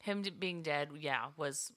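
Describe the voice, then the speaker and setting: Woman cohost, bright voice, emphatic and chatty about a book. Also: low-pitched, a little slow. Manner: emphatic, animated storytelling. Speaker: podcast co-host. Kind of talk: casual book-club chat.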